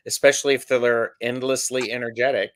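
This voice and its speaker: A man co-hosting a livestream, answering in a measured, agreeable way and chiming in with short replies. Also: mid-range voice, steady tone, slight background noise. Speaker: livestream co-host. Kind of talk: casual live chat.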